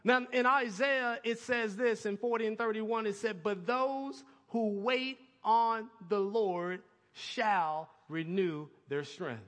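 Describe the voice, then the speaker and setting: A pastor preaching a sermon, calling on the congregation to answer and building to excited peaks. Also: male voice, high voice, slow. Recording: long hall reverb.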